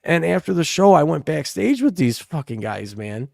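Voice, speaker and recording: Gravelly rowdy man. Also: fairly high pitch, very animated, normal speed, darkish tone, dry recording, clean studio sound. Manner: rowdy storyteller, swears freely, acts out quotes. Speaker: podcast co-host. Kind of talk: casual chat.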